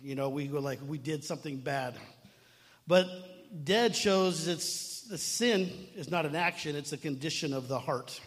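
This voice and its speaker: A middle-aged man preaches in a relaxed, talky way, doubling back on his words and tossing in asides to the congregation. His voice sits a little high for a man and rings with the long reverb of a large hall. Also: measured pace. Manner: conversational preaching with frequent asides and restarts. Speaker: pastor. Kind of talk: sermon.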